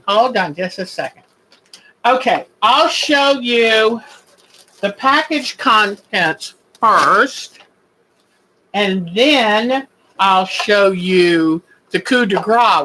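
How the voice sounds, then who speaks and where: A man's voice: high-pitched, bright, forceful tone, slight background noise, low-quality recording. A man hosting a quilting live stream, chatting in an effusive, gushing way with viewers. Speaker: quilting show host. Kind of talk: casual live-stream chat.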